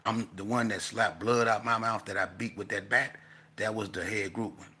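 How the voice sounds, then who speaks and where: A man telling a casual storytelling monologue, animated and profane, breaking into loud outbursts. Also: on the low side, moderate pace, husky. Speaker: vlogger telling stories.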